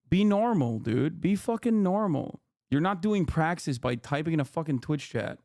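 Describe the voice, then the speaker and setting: Exasperated profane male streamer, fairly high. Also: animated, a little slow, a little mellow, no room sound, clean studio sound. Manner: exasperated, profane, repeats phrases. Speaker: livestream host. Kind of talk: heated unscripted rant to chat.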